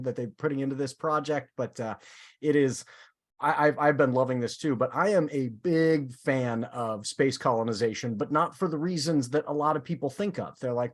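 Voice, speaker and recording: Chatty male podcast host. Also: mid-range voice. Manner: animated, many fillers and restarts. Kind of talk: casual chat.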